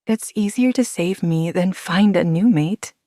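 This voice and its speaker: A woman narrator voicing a guarded, sharp-tongued young woman, raising her pitch and speaking with pointed sarcasm. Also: measured pace, dry recording, close to an everyday voice. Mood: wary, sarcastic.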